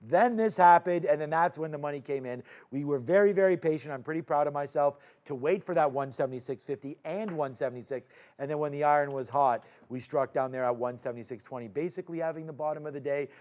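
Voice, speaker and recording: A man's voice: fairly high pitch, a little mellow. A man hosting a live market recap show, chatting casually and joking between stock calls. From Canada. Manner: upbeat, joking, quick asides. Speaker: host.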